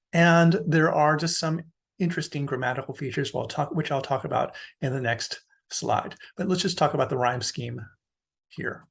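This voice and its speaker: A man's voice: medium pitch, vocal fry, breathy edge. A man giving a recorded university lecture, explaining in a casual way with frequent fillers.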